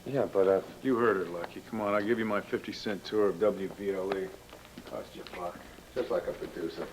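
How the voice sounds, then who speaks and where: Guy playing a laid-back soap dad, deep low voice, teasing. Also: fairly even intonation, fairly quick, lightly acted, poor audio. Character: easygoing man, a producer and father. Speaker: soap opera character.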